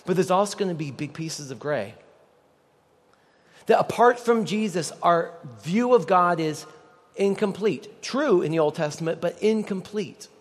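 High-voiced pastor in a hall. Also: male voice, lively intonation, a little slow. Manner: conversational, joking with the congregation. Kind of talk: sermon. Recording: long reverb of a large hall.

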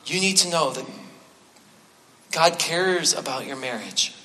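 In a church sanctuary, a pastor delivers a sermon in a fairly high, pushed and bright voice, taking his time. His style is conversational, sprinkled with self-deprecating humor and repeated key phrases for emphasis. A large hall's long reverb fills the recording.

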